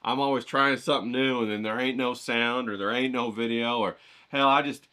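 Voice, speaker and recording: A man's voice: medium pitch, fairly even intonation, brisk, sharp tone, clear, resonant tone. Folksy rambling man hosting an art vlog. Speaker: art channel host. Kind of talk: casual vlog talk with drawing tips.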